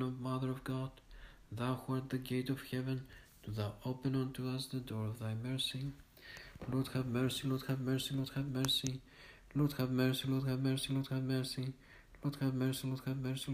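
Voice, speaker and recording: A man reading liturgical morning prayers aloud in a steady, measured recitation. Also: mid-range voice, poor audio. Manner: steady monotone recitation on one note. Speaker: liturgical reader.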